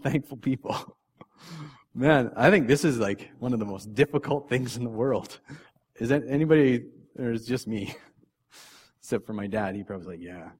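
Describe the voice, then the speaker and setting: A man preaching a casual, conversational sermon as a father of three young kids. He laughs often at himself and restarts his sentences, and his volume swings from quiet asides to punchy emphasis. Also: mid-range voice, breathy edge. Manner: chatty and self-deprecating, laughs often; frequent restarts, loudness swings from soft to punchy. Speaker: pastor.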